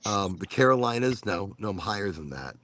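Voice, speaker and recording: An American man hosting a casual chat show, rambling and animated, cursing offhandedly as he talks. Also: on the low side, fairly quick, no echo. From United States. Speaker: podcast host.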